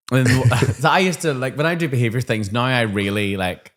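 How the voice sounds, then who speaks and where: A man in his thirties, a teacher co-hosting a chat show, telling lively stories and acting out classroom voices. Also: mid-range voice, fast, few pauses. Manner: animated storyteller, acts out classroom voices. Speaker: podcast co-host, teacher. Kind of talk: casual chat.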